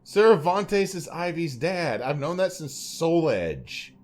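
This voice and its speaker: A man's voice: fairly high pitch, sing-song, takes it slowly. A man co-hosting a podcast in casual chat, rambling and joking as he talks. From Louisiana. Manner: rambling, joking, puts on silly voices. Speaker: podcast co-host.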